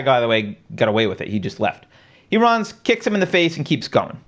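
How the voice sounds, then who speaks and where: A man's voice: a little high, a bit bright. A man hosting a talk stream, walking through events in a casual, conversational way, asking rhetorical questions and often adding "right?". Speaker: show host. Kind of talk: live-stream commentary.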